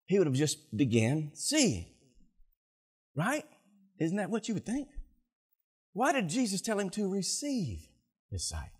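A male pastor preaching a sermon, telling stories with animated delivery and acting out scenes, often repeating words. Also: high voice, unhurried, pauses often, husky.

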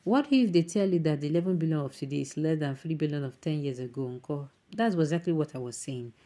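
A woman's voice: sits low, animated, quick pace, dark tone. A woman with a Nigerian accent hosting an online news show, reading viewer comments aloud and mixing in emphatic Pidgin asides.

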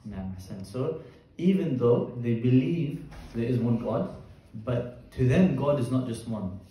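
A man's voice: medium pitch, expressive, unhurried, warm tone, distant mic, a little hiss or hum. A male Islamic teacher giving a Quran tafsir class, explaining terms step by step and putting questions to his students. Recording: echoey room, voice from afar.

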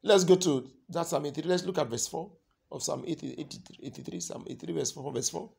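A man with a Nigerian accent preaching a sermon, loud and emphatic, often asking the congregation call-and-response questions. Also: fairly high pitch, quick pace, vocal fry.

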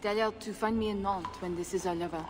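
A woman's voice: mid-range voice, fairly even intonation, fast, natural voice. An actress voicing a sly, teasing woman smuggler and bard in video game dialogue. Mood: coy. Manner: playful, evasive, teasing. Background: game music.

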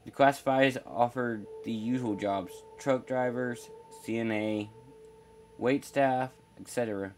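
A man's voice: medium pitch, steady tone, a little slow, a little mellow, soft background music. Man narrating a horror story.

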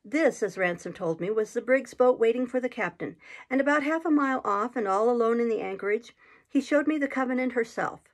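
A woman reading a classic adventure novel aloud in a steady, measured storytelling manner. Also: a little high. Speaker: reader.

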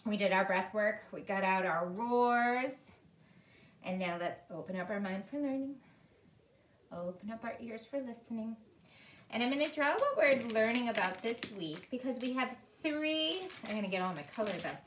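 A woman teaching small children in a gentle, sing-song way during an online preschool lesson, talking at home. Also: a little high, expressive, normal speed. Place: room at home. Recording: echoey room, distant mic, faint hiss.

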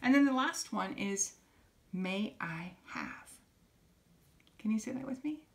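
A woman teaching young children, gently coaxing them to repeat simple phrases after her. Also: sits high, fairly quick, creaky. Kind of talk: children's lesson.

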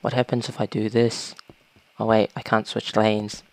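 Deep-voiced woman commentating a game. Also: little pitch movement, moderate pace, dry recording. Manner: talks to game creatures, sudden panicked shouts. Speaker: gaming YouTuber.

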